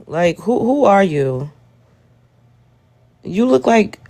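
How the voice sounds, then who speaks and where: Taking things slowly, a woman with a mid-range, darkish voice offers casual live stream commentary. She reacts to a video and addresses her chat directly, sounding exasperated.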